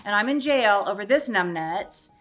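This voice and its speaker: A woman's voice: medium pitch, normal speed, soft background music. A middle-aged woman casually telling a funny story about her husband, laughing as she goes. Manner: lively, laughs through the story. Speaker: wife of the storyteller.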